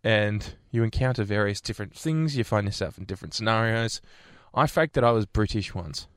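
A man's voice: on the low side, expressive, a little fast, a bit bright, smooth, dry recording, studio quality. A man co-hosting a morning radio show, joking and teasing in casual banter with frequent laughs. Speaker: radio host. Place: radio studio. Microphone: studio microphone.

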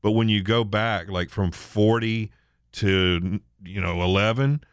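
A man's voice: on the low side, measured pace, clean tone, dry recording, studio quality. A middle-aged man hosting a radio show, chatting casually and reminiscing. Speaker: radio host.

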